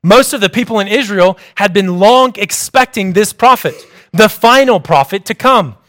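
A young man delivering a sermon, reading in a measured, explanatory way. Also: sits high, lively intonation, a bit bright. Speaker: preacher.

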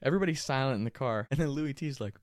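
A young man telling a story casually, animated and profane, often laughing mid-telling. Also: mid-range voice, racing, dry recording, studio quality.

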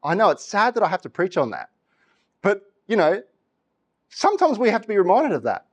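Aussie pastor guy preaching, voice jumps all over, kinda high, laughs a lot. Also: a little fast, husky. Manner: animated storytelling, laughs often, acts out voices. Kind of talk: sermon.

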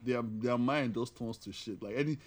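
A man's voice: medium pitch, moderate pace. A young man co-hosting a casual podcast, talking in a loose, teasing way full of fillers. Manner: lively, teasing, filler-heavy. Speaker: podcast co-host. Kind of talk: casual chat.

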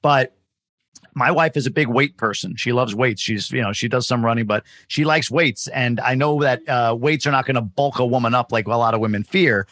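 A man's voice: medium pitch, normal speed, a bit bright, dry recording. A man hosting an interview, asking rambling questions and stacking several at once. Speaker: podcast host.

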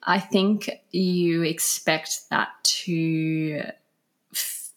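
Young woman, lowish voice, relaxed chatty guest. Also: extremely slow. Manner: laughing, chatty storytelling with many fillers. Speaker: podcast guest. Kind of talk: casual conversational interview.

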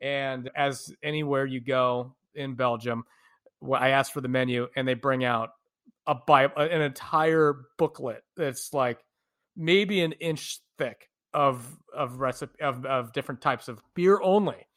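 A man's voice: medium pitch, a little slow, fairly bright tone. A man, a podcast co-host from the United States, animatedly telling travel stories in a casual chat, laughing often.

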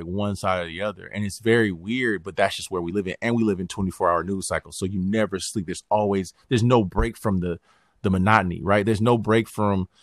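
A man hosting a podcast, talking politics in a casual, animated way, full of slang and swearing and quick impressions of other people. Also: fairly low pitch, dry recording, studio quality. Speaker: podcast host.

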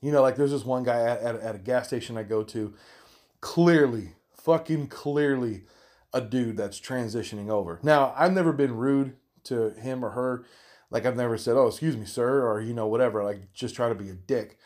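A young man ranting hotly and profanely, stumbling over repeated words and jumping up in pitch when he gets worked up. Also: normal speed, darkish tone. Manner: heated, swearing, repeating himself, rising pitch when worked up.

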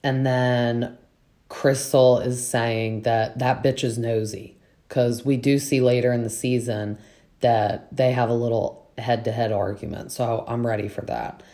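A talkative podcast host recapping reality TV in loose, casual chat. The voice sits at an ordinary middle pitch. The host sounds frank and opinionated and leans on filler words throughout. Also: steady tone, unhurried, mellow. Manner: chatty and opinionated, with many "like" fillers.

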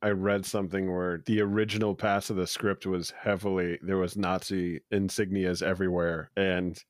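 A man's voice: sits low, little pitch movement, moderate pace, no echo, clean studio sound. A man co-hosting a podcast, chatting casually about a movie with crude jokes and frequent laughter. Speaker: podcast co-host. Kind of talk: casual movie-review chat.

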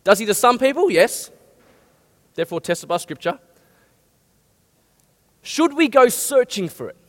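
Pastor guy preaching, lots of questions to the crowd, swoopy lively voice, echoey big hall. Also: very high-pitched, measured pace. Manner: animated, asks the audience many questions. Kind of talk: sermon. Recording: long hall reverb.

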